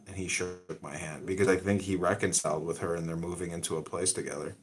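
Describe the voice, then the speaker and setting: A man with a fairly low voice chats casually on a podcast. He tells his stories in a rambling way, and he gets louder and more worked up as they go. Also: brisk, few pauses. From United States. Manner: rambling storyteller, gets loud and excited. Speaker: podcast host. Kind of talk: casual chat.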